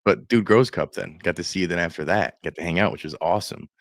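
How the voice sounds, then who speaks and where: A man's voice: low-pitched, quick pace, dry recording, clean studio sound. A man appearing as a guest on a podcast, chatting in a laid-back, casual and profane way. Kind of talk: casual chat.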